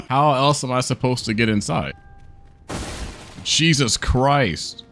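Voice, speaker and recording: A man's voice: mid-range voice, slow pace, a bit bright, soft background music. A man giving casual, profane commentary as he plays a game, joking and laughing and talking straight to his viewers. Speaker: gaming video creator.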